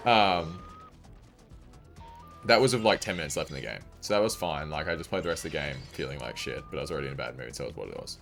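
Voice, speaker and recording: A man's voice: extremely low pitch, expressive, very fast, a bit bright, soft background music. A young man with a non-American English accent, a game streamer chatting casually and telling a rambling story full of fillers. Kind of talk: casual chat while streaming.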